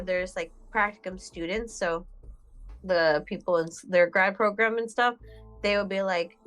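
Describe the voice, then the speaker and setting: A woman's voice: medium pitch, fairly bright tone, rough recording. A young woman who works as a mental health counselor, chatting casually on a stream with many fillers and easy laughter. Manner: rambling, lots of fillers, laughs easily. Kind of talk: casual chat.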